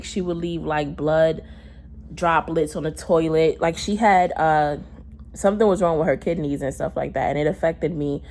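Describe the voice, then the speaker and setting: Low-voiced young New woman. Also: a little mellow, slight background noise. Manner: candid and heated, with frequent cursing. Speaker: vlogger. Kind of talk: casual storytelling.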